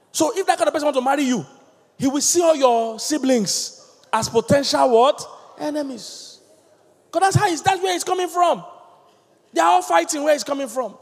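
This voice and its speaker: High-voiced Nigerian pastor preaching animatedly. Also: male voice, in a large hall. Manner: lively, emphatic preaching with call-and-response questions. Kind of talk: sermon.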